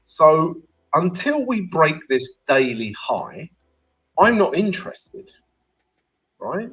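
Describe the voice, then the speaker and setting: A man's voice: on the high side, sing-song, takes it slowly, a bit bright, breathy edge. A man hosting a live trading stream, teaching in a chatty way, keeps checking in with "right?" and greeting viewers by name.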